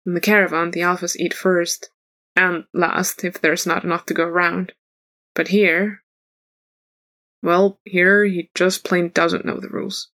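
Woman with a low voice reading a story. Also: level tone, a little slow, fairly bright tone. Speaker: narrator. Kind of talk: reading a fan story aloud.

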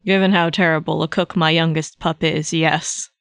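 A woman reading a fan story aloud, voicing a gruff, exasperated, fatherly older male mentor in a low, grumbling tone. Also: steady tone, normal speed, dry recording.

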